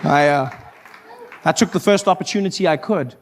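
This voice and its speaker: A South African man performing stand-up comedy, animated and acting out voices, recorded live on stage. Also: a little high, normal speed, noisy background. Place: live comedy venue with audience.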